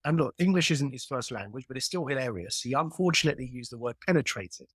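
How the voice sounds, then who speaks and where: A man's voice: mid-range voice, lively intonation, fast, husky, no room sound, clean studio sound. A man speaking as a guest on a video call, building his points emphatically through analogies and repetition. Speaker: guest commentator. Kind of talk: animated explanatory conversation.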